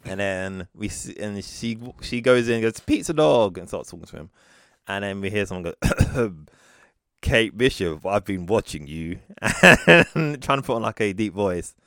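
A man's voice: lowish voice, expressive, measured pace, gravelly, bright, forceful tone, clear, resonant tone, dry recording, clean studio sound. A man co-hosting a podcast, recapping a film in casual chat and acting out the characters' lines. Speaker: podcast co-host.

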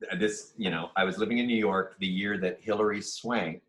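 A man from Nebraska co-hosting a casual podcast, telling stories in a relaxed, playful way. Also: on the low side, fairly quick. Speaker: podcast co-host. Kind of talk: casual chat.

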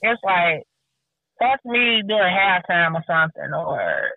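Woman, casual chat, animated storyteller, tinny phone-like sound, dry. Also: fairly low pitch, unhurried, vocal fry, no echo. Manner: animated storyteller, acts out quoted people, swears freely.

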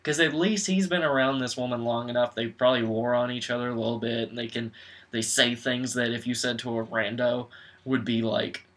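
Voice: mid-range voice, steady tone, a little fast, fairly bright tone. Sarcastic, swearing podcast co-host. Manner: profane, sarcastic, laughs often. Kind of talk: casual movie recap chat.

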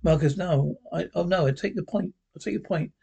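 A man's voice: fairly high pitch, brisk, gravelly, warm tone, slightly rough, highs cut off. A man reading a fussy kindly professor. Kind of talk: reading a script aloud.

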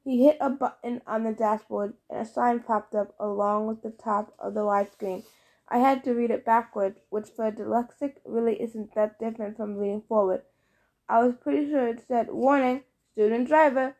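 Lady reading an audiobook, lively and expressive, fairly high voice. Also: normal speed. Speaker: audiobook narrator. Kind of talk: audiobook narration in first person.

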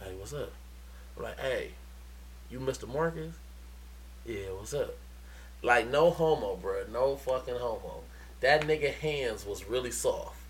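A man telling stories in casual, profane podcast chat, animated and laughing often. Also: mid-range voice, measured pace, long pauses, slight background noise. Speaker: podcast co-host.

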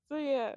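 A woman's voice: very high voice, no room sound, clean studio sound. A young woman casually recounting a dream to a friend, often laughing as she tells it. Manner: laughs often, animated storytelling. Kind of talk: casual chat telling a dream.

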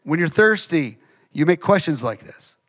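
A man's voice: fairly high pitch, sing-song, moderate pace. A man preaching a sermon in a conversational, emphatic way, repeating phrases for effect.

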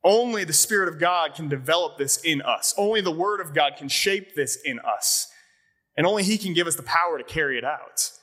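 A man's voice: on the high side, expressive, brisk, sharp tone, breathy edge. A man preaching a sermon as a pastor, talking conversationally and often asking his congregation questions. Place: church sanctuary.

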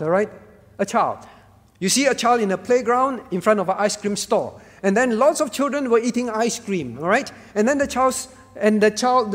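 High-voiced husky pastor preaching in a hall. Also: male voice. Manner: earnest preaching, drops to soft pleading when voicing prayers. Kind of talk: sermon.

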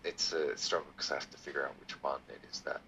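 A man chatting as a podcast guest over a video call, animated and theatrical, laughing often. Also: rumbling low, fast talker, highs cut off, slight background noise. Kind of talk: casual chat.

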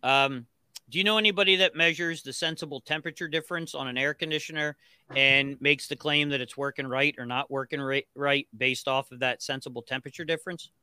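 A gruff man who jokes at his own expense and talks with a slight lisp from a missing tooth, as a guest chatting on a podcast. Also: mid-range voice, steady tone, fairly quick, bright, forceful tone, no room sound. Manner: gruff, joking, self-deprecating. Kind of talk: casual chat.

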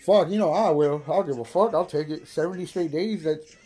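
A young man hosting a casual stoner podcast, high, rambling and profane, laughing often. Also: a little fast, warm tone, faint music behind. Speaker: podcast host.

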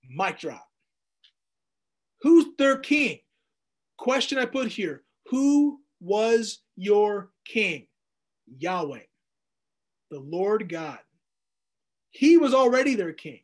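Jokey, animated male Bible teacher. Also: sits high, extremely slow, long pauses. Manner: jokey, animated, acts out quotes.

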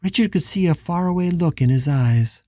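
An audiobook narrator giving a calm, measured reading of a novel. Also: medium pitch, no echo, clean studio sound. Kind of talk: scripted narration.

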